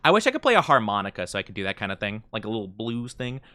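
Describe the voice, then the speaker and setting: A man's voice: lowish voice, sing-song, very fast, pushed and bright, no echo. A young man streaming, chatting casually and reading chat aloud in a playful, mock-offended way with lots of fillers.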